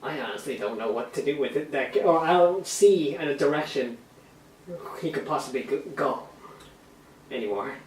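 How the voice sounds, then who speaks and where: A man's voice: mid-range voice, expressive, normal speed, slight background noise. A young man co-hosting a casual movie discussion, laid-back and chuckling, chiming in with short agreements. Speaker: podcast co-host. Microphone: camera mic. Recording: roomy, distant camera mic.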